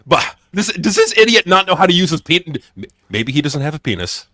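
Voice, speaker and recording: A man with a lively, swinging voice, recorded dry and close with no room sound. He sneers and swears through casual podcast banter and laughs often. His voice is a little high for a man. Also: brisk, no echo. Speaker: podcast co-host. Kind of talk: crude casual news chat.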